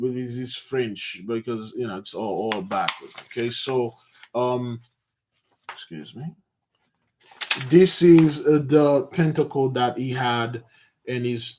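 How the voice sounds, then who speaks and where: A man leading an informal book study, telling the story with many restarts and asides. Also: medium pitch. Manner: lively storytelling, acting out scenes. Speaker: study group teacher.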